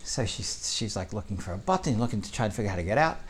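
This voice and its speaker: A man's voice: fairly low pitch, racing, noisy background. A man teaching a Torah class, telling a story and pressing points with frequent "right?". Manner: animated, rising with emphasis, frequent "right?".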